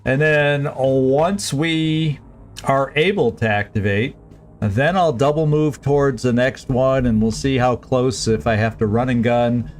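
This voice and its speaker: A man streaming a strategy game, planning his moves aloud in a halting, casual way with frequent restarts. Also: mid-range voice. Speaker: gameplay streamer. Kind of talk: casual let's-play commentary.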